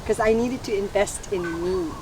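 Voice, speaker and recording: A woman's voice: mid-range voice, normal speed. A middle-aged woman, hosting a heartfelt conversation and speaking emphatically. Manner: animated, emphatic, breaks into loud exclamations. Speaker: host. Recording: distant mic with clear background noise.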